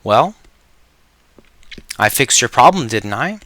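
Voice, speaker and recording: A man voicing an unflappable male technician who speaks low and matter-of-fact. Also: sing-song, slow, pushed and bright, no room sound, heavily acted. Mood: smug. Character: unflappable male repair technician, dry and smug.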